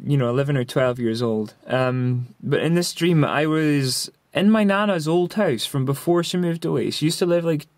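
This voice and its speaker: Man in his twenties, casual storyteller, fairly high voice, dry close sound, rambling with lots of fillers. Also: normal speed, few pauses, no room sound. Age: 20s. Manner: rambling, full of fillers and restarts. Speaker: vlogger.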